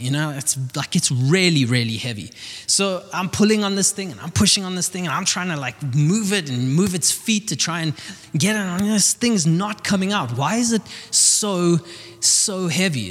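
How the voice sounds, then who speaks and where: A young adult man preaching a sermon as a pastor, telling a personal story in an animated, chatty way with many fillers. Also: a little high. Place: church hall. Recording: long reverb of a church hall.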